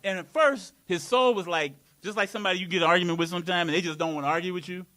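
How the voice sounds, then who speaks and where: A man's voice: high voice, rapid-fire, bright, forceful tone. A man preaching a live sermon in a community worship hall, playful and laughing, with call-and-response.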